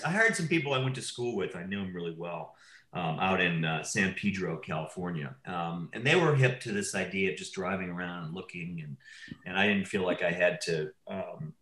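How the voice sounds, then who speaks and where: A man's voice: deep voice, reverberant, rough recording. A man, a documentary filmmaker, telling rambling anecdotes in casual conversation and often breaking off mid-sentence. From Wisconsin. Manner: rambling, self-interrupting, animated anecdotes.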